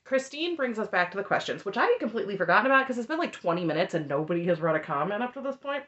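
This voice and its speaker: A woman's voice: mid-range voice, very animated, rapid-fire, fairly bright tone, highs cut off. A woman giving an opinionated, sarcastic recap of a reality TV show, laughing often as she talks. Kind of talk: opinionated reaction commentary.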